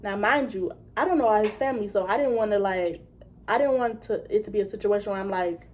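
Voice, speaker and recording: Young woman, storytime vlog, casual and profane, acts out quotes, mid-pitched voice, faint background noise. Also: quick pace, darkish tone. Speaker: vlogger.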